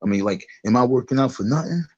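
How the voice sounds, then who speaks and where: A man's voice: mid-range voice, fast, dry recording, dull audio. Rambling, restless middle-aged man vlogging. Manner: excitable, repetitive restarts, profane street talk. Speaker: vlogger commentator. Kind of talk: rambling reaction commentary.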